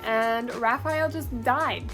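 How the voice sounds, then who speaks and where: A woman's voice: fairly high pitch, slow pace. A woman chatting casually in a reading vlog, gushing and full of fillers. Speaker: book vlogger. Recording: clear background music.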